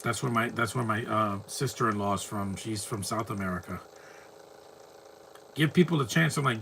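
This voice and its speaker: A man's voice: medium pitch, fairly quick, vocal fry, pushed and bright, a little hiss or hum. A man giving casual, opinionated film commentary over a movie, rambling and ranting in asides.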